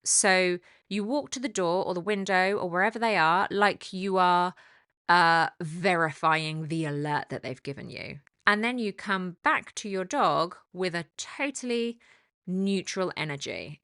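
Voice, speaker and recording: A woman dog trainer giving a calm, explanatory talk on training, turning lively when she acts out the dog. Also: fairly low pitch, a little slow, no echo, studio quality. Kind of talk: instructional talk.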